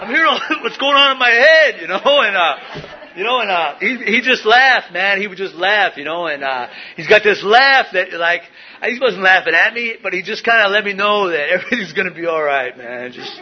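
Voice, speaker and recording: A man's voice: sits high, animated, fairly quick, dull audio, a little hiss or hum. A middle-aged man sharing his recovery story at a meeting, rambling with many fillers and restarts. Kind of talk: personal recovery share. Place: meeting room.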